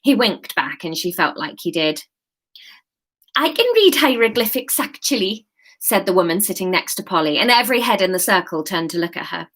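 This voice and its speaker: A woman's voice: on the low side, quick pace, few pauses, a bit bright. Chatty woman reading her own novel. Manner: self-mocking, chatty, laughs at herself. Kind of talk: chatty live reading with asides.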